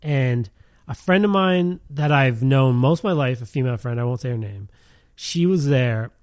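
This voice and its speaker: A man's voice: medium pitch, animated, normal speed, a little mellow, dry recording, clean studio sound. A man telling a story in casual chat, rambling with lots of fillers and laughing as he goes.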